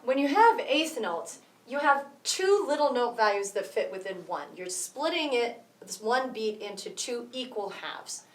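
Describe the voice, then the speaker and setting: A woman's voice: on the high side, lively intonation, unhurried. A woman teaching a music rhythm lesson, explaining step by step and counting beats aloud. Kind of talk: rhythm tutorial. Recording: roomy echo, voice from some distance.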